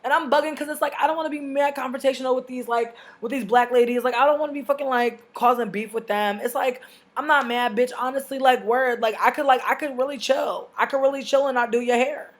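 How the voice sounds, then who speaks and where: A young adult woman telling a profane storytime rant as a vlogger, venting loudly and acting out both sides of an argument. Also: high-pitched, quick pace. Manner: loud, profane, animated venting with acted-out dialogue.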